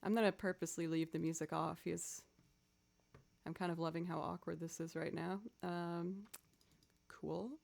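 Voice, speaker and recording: A woman's voice: fairly low pitch, fairly even intonation, normal speed, gravelly, darkish tone. A woman chatting casually with viewers on a live stream, playful and goofy. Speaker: streamer and violinist.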